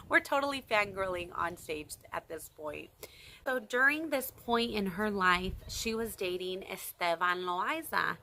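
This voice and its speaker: A young woman casually telling a story to her camera, excitedly and animatedly, with squeals when she quotes reactions. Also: medium pitch, a little slow. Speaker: vlogger.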